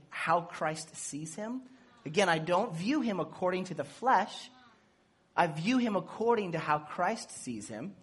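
Husky-voiced male preacher, animated. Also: high voice. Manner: animated, playful asides, acts out dialogue. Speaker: pastor. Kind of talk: sermon.

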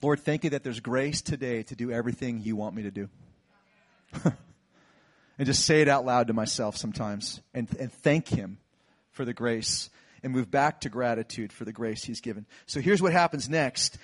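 A middle-aged man preaching a sermon, retelling a Bible story with lively acted-out lines. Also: medium pitch, normal speed. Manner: animated storytelling, acts out disciples' lines. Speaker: pastor.

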